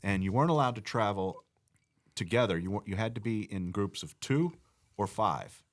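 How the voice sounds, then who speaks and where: Casting: male podcast guest, deep low voice, rambling storyteller. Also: lively intonation, normal speed. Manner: rambling, restarts his sentences. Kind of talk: casual storytelling.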